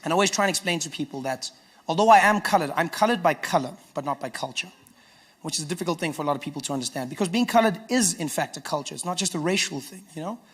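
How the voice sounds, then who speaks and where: A man with a South African accent doing stand-up comedy, telling stories with animated delivery. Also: on the high side, fast, husky. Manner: animated storytelling, acting out characters.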